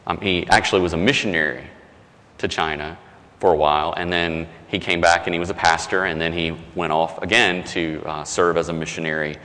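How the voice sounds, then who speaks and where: A man's voice: deep voice, steady tone, a little fast, pushed and bright, big-room sound. A male pastor delivering a sermon in a conversational, self-deprecating storytelling way, with frequent restarts.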